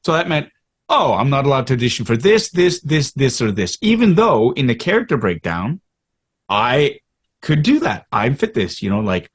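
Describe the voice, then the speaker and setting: A man's voice: mid-range voice, moderate pace, breathy edge. A man in his fifties, a podcast guest and actor from Canada, telling candid stories about his career and acting out voices and inner thoughts as he goes. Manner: animated, acts out quotes and inner thoughts. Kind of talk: candid conversational storytelling.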